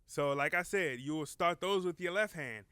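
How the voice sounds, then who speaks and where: A man giving a relaxed, encouraging drum lesson and counting beats aloud. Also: on the high side, moderate pace. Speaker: drum teacher. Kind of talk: casual instructional talk.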